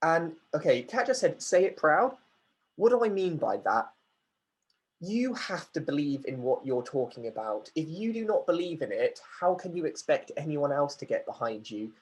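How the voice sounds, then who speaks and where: A man's voice: a little high, very animated, normal speed, husky. A man running an online workshop, chatty, reading out questions from the chat and answering them. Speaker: workshop facilitator.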